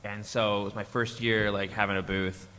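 A man with a bright, sharp voice tells a lively story on a convention panel, laughing along the way. A long hall reverb hangs on his voice. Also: lowish voice, moderate pace. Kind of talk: casual anecdote on a convention panel. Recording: hall reverb, faint noise.

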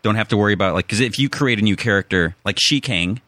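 A podcast host with a Chicago accent chats casually in a lowish voice with a bright, forceful edge, talking fast. His speech rambles, full of restarts and fillers, and he keeps circling back to finish his thought. The sound is close and dry, with no room sound.

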